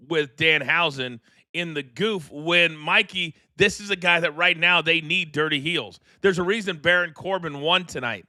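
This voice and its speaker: A middle-aged man hosting a live wrestling watchalong, ranting in animated, incredulous commentary from a studio mic. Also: fairly high pitch, dry recording. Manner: animated, incredulous, rambling rants. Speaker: host.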